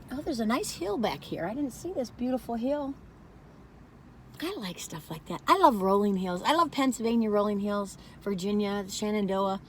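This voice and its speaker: A woman's voice: a little high, fairly bright tone. A woman from the northern United States chatting emphatically and rambling while taste-testing a dessert for her vlog. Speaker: vlogger. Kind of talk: casual food review chat.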